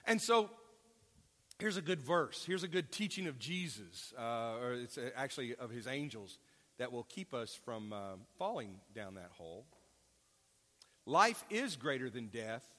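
This man's voice is medium in pitch, very animated, unhurried and a bit bright. He delivers a sermon in a conversational style, putting questions to the congregation and dropping casual asides, all captured with the long reverb of a big hall.

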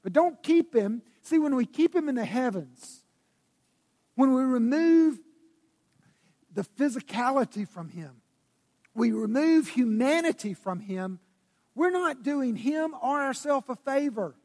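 A man preaching a sermon as pastor, swinging between loud bursts and hushed, intimate tones. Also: very high voice, expressive, a little slow. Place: church sanctuary. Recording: long reverb of a church hall.

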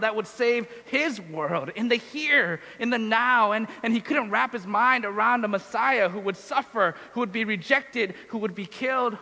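A man's voice: high voice, bright, forceful tone, long reverb tail, rough recording. A man giving a reflective sermon, asking questions and repeating phrases. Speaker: preacher.

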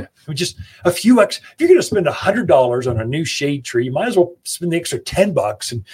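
Husky folksy man giving gardening advice. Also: on the high side. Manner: folksy, chatty, addresses listeners directly. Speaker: gardening radio host. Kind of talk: casual radio advice talk. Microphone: studio microphone.

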